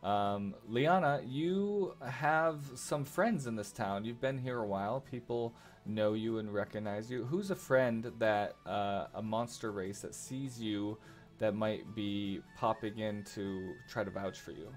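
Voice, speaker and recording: A man narrating as game master of a tabletop game, halting with frequent filler sounds. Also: fairly low pitch, soft background music.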